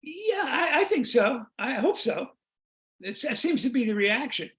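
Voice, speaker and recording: An older man guesting on a video-call interview, telling rambling comic stories about a show he wrote, with restarts and quick jokes. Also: extremely high pitch, big pitch swings, fairly bright tone. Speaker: guest, comedy songwriter. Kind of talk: casual interview chat.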